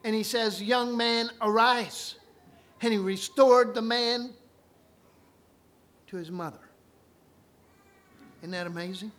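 A man preaching a sermon, retelling scripture stories and swinging from quiet asides to loud, ringing proclamations. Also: sits high, measured pace, long pauses.

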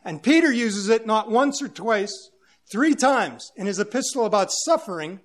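A man's voice: sits high, expressive, normal speed. A man preaching a sermon, reading scripture and explaining it in an earnest, emphatic way. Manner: earnest, emphatic, searching for words. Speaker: pastor.

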